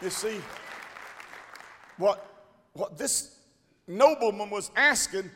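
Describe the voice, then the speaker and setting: A man preaching a storytelling sermon, animated and repeating his words, often rising into loud shouted quotes. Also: high-pitched, takes it slowly, long pauses, a faint crowd. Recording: long hall reverb.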